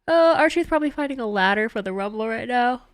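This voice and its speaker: A young woman live-streams while watching a wrestling show, chatting casually with viewers and laughing often as she reads their messages aloud. Her voice is on the high side, animated and fast, with a clean tone and clean studio sound free of room noise.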